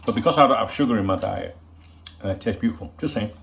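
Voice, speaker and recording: A man's voice: on the low side, lively intonation, fast, creaky, noisy background. Swearing, joking man vlogging at home. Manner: chatty and joking, swears freely. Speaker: football channel host. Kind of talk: casual rambling vlog chat.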